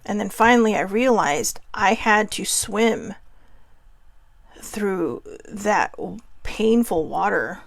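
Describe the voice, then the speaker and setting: Candid woman host with a gravelly edge. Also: medium pitch, animated, slow, no room sound. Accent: Hawaiian. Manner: candid, emotional, many restarts and asides. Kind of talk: personal reflective monologue.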